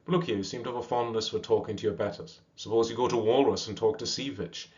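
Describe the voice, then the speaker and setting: A man's voice: lowish voice, steady tone, fast talker, a little mellow, muffled recording, lightly acted. Man reading as a worldly old sea lion. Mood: advising. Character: older male sea lion, wise and patronizing.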